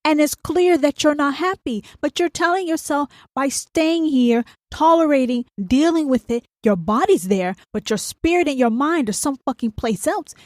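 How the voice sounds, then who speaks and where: A woman with a somewhat high voice hosts a podcast in a confrontational, profane monologue. She fires rhetorical questions straight at the listener. The sound is close and dry, with no room around it. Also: animated, normal speed, hardly any pauses, dry recording. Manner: blunt, confrontational, rhetorical questions, heavy swearing. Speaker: podcast host.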